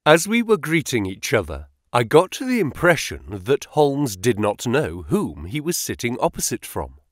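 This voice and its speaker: Expressive male audiobook narrator. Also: medium pitch, normal speed, no echo, clean studio sound. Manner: lively, expressive storytelling. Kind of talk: scripted first-person narration.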